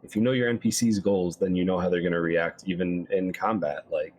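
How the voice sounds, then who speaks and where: A man with a husky, slightly low voice, chatting casually as co-host of a tabletop gaming podcast. He rambles in a relaxed way and often restarts his sentences. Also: fairly quick. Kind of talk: casual podcast chat about game mastering.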